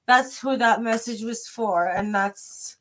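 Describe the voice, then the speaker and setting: A woman doing a live tarot reading, her voice sitting a little high. She talks slowly, drifting and restarting with lots of fillers, chatty with her viewers. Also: a bit bright, a little hiss or hum. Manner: hesitant, rambling, many fillers and restarts. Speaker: tarot reader.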